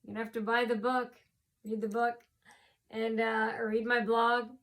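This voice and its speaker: A woman's voice: a little high, level tone, moderate pace, fairly bright tone. A worn-out woman recounts a personal run-in in a loose, rambling vlog. She circles back on herself with fillers, restarts and repeated phrases, and sounds short on sleep. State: tired from lack of sleep. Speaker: vlogger.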